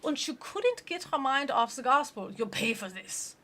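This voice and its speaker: A woman's voice: sits high, sing-song, moderate pace, bright, forceful tone, voice pushed up, exaggerated voice. A thwarted, furious male devil who growls out threats, as a woman puts him on. Menacing and bitter.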